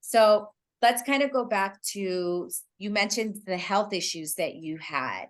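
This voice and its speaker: Woman host, mid-pitched voice, laughs easily, gentle and empathetic questions. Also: unhurried. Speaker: podcast host. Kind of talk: casual interview.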